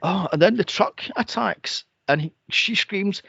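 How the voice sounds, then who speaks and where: A man co-hosting a film podcast, sarcastic and profane, mocking characters with shrill impressions. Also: a little slow, creaky, a bit bright, no room sound. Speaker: podcast co-host reviewing a film. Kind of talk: casual chat. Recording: dull lo-fi dry podcast audio.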